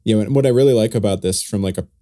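A man's voice: lowish voice, very fast, mellow, no echo, clean studio sound. A man co-hosting a podcast, chatting casually about music with many fillers and restarts. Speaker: podcast co-host. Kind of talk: casual music review chat.

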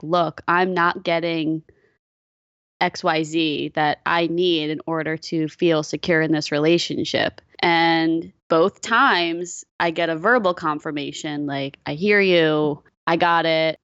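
A woman co-hosting a podcast, speaking in a slightly low voice. She tells personal stories candidly, swears freely and pokes fun at herself. The sound is dry and close, with no room around her. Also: fairly bright tone, no echo, highs cut off. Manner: candid, profane, self-mocking storytelling. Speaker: podcast co-host. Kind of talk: casual chat.

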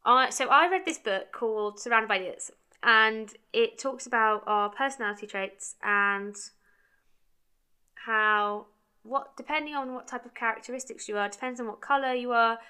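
Young woman, bright and crisp, chatty storyteller, casual monologue. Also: on the high side, moderate pace. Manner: chatty, quotes her own dialogue, heavy use of "like". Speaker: brand founder.

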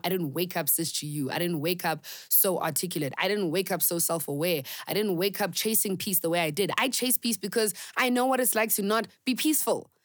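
A woman's voice: lowish voice, no echo, studio quality. A young woman hosting a podcast, talking candidly and earnestly in a reflective monologue full of fillers and emphatic repeats. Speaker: podcast host.

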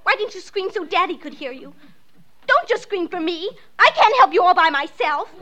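A woman's voice: very high voice, expressive, normal speed, sharp tone, exaggerated voice. A woman playing an earnest young girl in a 1950s radio drama, pleading and insistent. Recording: faint hiss of an old radio broadcast.

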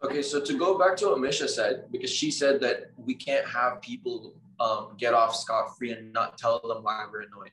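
A man's voice: medium pitch, steady tone, normal speed, few pauses, a bit bright. A man with a mid-range voice co-hosts a casual podcast and steers the talk with follow-up questions, often restarting his sentences. His voice carries a roomy echo. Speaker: podcast co-host. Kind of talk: casual discussion.

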